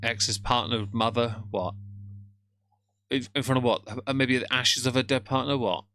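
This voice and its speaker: A man with a medium-pitched, steady voice talks at a normal speed, his tone pushed and bright. He's hosting a casual live stream, rambling as he reacts and greeting his chat by name. Every so often he stammers and trips over his words.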